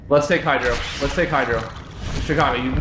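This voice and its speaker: A man's voice: medium pitch, steady tone, fairly quick. A man commanding his team in a live online game, giving urgent, repeated orders. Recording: echoey, noisy game capture. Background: gunfire from game.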